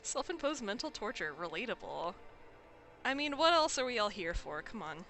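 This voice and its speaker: A woman's voice: mid-range voice, very animated, moderate pace, fairly bright tone. A young woman streamer giving casual gameplay commentary in a wry, chatty way, swearing now and then.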